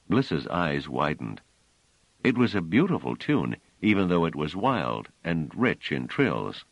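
A man narrates a novel in a very low voice. His telling is expressive, swinging widely in pitch. The recording is dry and close. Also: a little slow, vocal fry, no room sound, poor audio. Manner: expressive storytelling. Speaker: audiobook narrator. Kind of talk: scripted narration.

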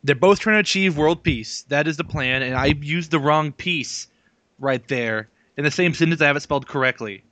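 Man, fairly high voice, jokey podcast co-host, laughs often, dry sound. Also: normal speed, bright, forceful tone, no room sound. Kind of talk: casual chat.

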